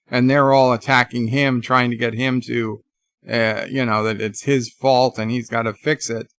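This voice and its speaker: A man's voice: medium pitch, fairly bright tone, smooth, no echo. A man giving a casual, rambling live review of a TV episode, with many restarts, retelling scenes. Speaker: YouTube TV reviewer.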